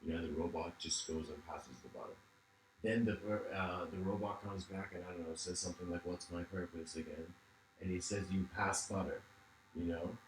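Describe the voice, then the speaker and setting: A man's voice: low-pitched, a little fast, echoey room, slight background noise, rough recording. A man giving a reflective livestreamed lecture. He meanders, restarts often and says "you know" a lot.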